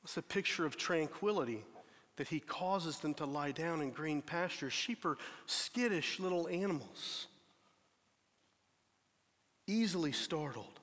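A man's voice: on the high side, lively intonation, a little slow, pauses often, fairly bright tone. A man preaching a sermon as pastor, earnest and emphatic, often restarting his phrases. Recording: long hall reverb.

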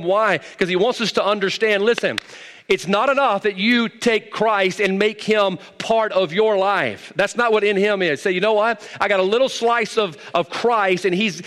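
A middle-aged pastor preaches with folksy, emphatic conviction, sliding from quiet asides to fervent calls. His voice sits a little high for a man. A long reverb from the large sanctuary trails every phrase. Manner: folksy and emphatic, swings from low asides to raised exhortation. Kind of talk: sermon. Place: church sanctuary.

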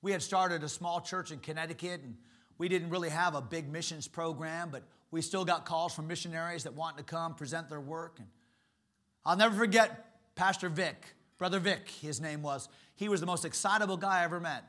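A middle-aged man and pastor preaching a sermon in an animated, emphatic storytelling way. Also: a little high, fairly quick.

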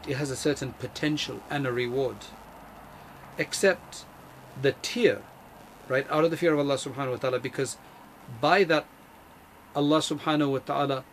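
A man giving a religious lesson in an earnest, emphatic way, repeating key phrases and reciting Arabic verses quickly. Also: on the high side, slight background noise. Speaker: Islamic teacher.

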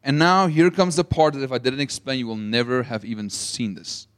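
A man preaching a sermon, asking the audience questions and retelling scripture as lively stories. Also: mid-range voice, brisk. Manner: asks the audience rhetorical questions; animated storytelling with acted-out quotes. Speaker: pastor.

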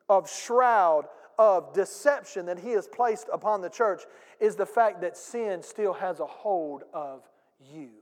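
A pastor preaching a sermon with emphatic delivery, calling on the congregation to repeat lines and acting out little scenes. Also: male voice, sits high, long reverb tail. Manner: emphatic preaching with audience call-and-response and acted-out anecdotes. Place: church sanctuary.

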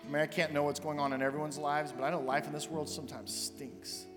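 A man, the senior minister, preaching a sermon in a church sanctuary and telling a story with animated quoted voices. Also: a little high, quick pace. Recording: long hall reverb, faint music.

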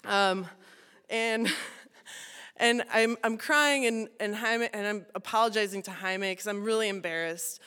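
A young woman tells a funny personal story in a bright, crisp voice, chatty and self-mocking, with frequent laughs and "you know"s. Her words ring out with a long hall reverb behind them. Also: medium pitch, unhurried.

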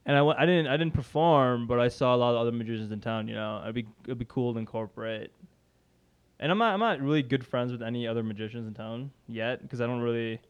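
A man, a podcast guest talking casually about his magic and improv work, chatty and self-deprecating with quick restarts. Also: medium pitch, clear, resonant tone, highs cut off.

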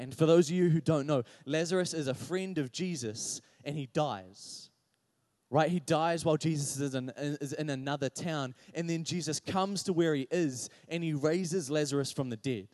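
A man's voice: a little high, darkish tone, dry recording, clean studio sound. A man preaching a sermon, personal and confessional, rising to impassioned pleading as he speaks to the congregation directly. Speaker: pastor.

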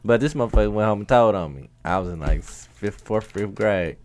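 A man's voice: fairly low pitch, fairly quick, darkish tone. A man chatting casually with friends, telling a slangy, profane childhood story with a joking edge.

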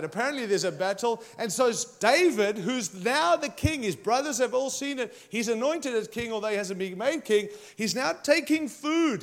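A man preaching a sermon to a congregation, retelling a story in an energetic, conversational way. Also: very high voice.

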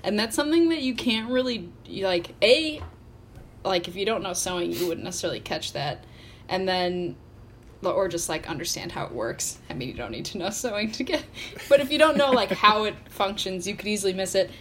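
A woman's voice: mid-range voice, lively intonation, a little fast, a bit bright, a little hiss or hum. A woman in a casual film chat, thoughtful and a little hesitant, often restarting her sentences.

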